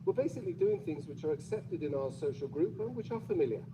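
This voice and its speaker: A man's voice: fairly high pitch, expressive, quick pace, background noise. A man with a British accent giving a playful, chatty talk to an audience, often asking them questions. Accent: British English. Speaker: conference speaker.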